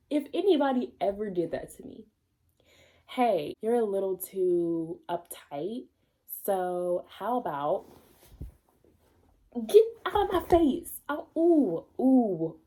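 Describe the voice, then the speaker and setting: Chatty woman with a low, mellow voice. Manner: chatty, self-mocking, quick asides. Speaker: host reading fan fiction aloud. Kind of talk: casual reading with chatty asides.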